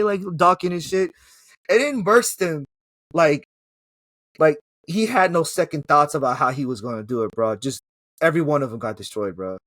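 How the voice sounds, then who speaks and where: A man with a slightly high voice talks through a film's plot in a loose, excitable, slangy way, heavy on swearing. The sound is dry and close, with no room echo. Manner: excitable, slangy, profane storytelling with laughs. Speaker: movie reviewer. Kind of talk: casual film recap chat.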